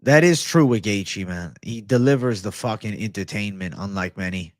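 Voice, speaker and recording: A man's voice: on the low side, moderate pace, no room sound, studio quality. A young man hosting a casual MMA livestream, swearing freely and answering chat in a laid-back way. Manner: profane, laid-back, reads chat aloud. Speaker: MMA show host.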